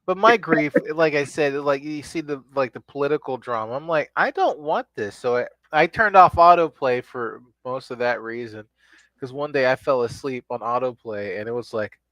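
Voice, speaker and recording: A man's voice: medium pitch, moderate pace, fairly bright tone. A man co-hosting a casual podcast chat, telling stories in a laid-back way with quoted asides. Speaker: podcast co-host.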